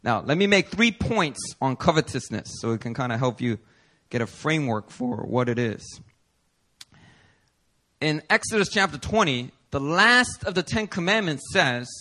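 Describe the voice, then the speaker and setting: A male pastor preaching a sermon in a playful, animated way with casual slang. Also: a little high, normal speed.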